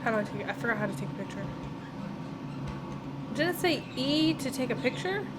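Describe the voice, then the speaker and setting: A woman's voice: a little high, expressive, fairly quick. A woman playing a horror game and commenting as she goes, nervous, muttering to herself and laughing from fear. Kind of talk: let's play commentary. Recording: home recording with noticeable background noise. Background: passing traffic noise.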